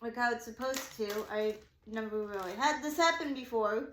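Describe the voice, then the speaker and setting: Rambling, excitable woman in an echoey room. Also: on the high side, moderate pace, slight background noise. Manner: animated, rambling, heavy use of "like". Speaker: craft shop vlogger. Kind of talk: casual storytime chat.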